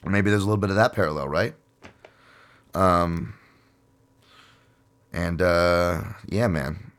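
Low-voiced rambling, profane podcast host man. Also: steady tone, takes it slowly, a bit bright, smooth. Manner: profane, rambling, jokey, many fillers. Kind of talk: casual podcast chat.

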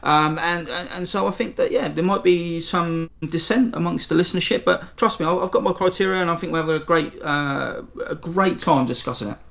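A man speaks as a podcast guest, his voice sitting fairly high. He explains his picks in a measured way, hedging as he goes. The sound comes over a dull, muffled lo-fi line. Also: creaky, fairly bright tone. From Britain. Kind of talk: casual chat.

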